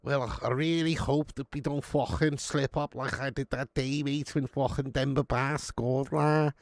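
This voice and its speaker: A man's voice: medium pitch, steady tone, a little slow, a little hiss or hum, natural voice. A man doing a brief Scouse impression of a famous footballer, with an exaggerated Scouse twang. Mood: rueful.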